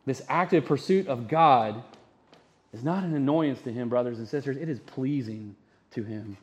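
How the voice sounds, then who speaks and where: A man's voice: medium pitch, moderate pace, highs cut off. A man preaching a sermon as pastor, conversational, often asking the congregation rhetorical questions.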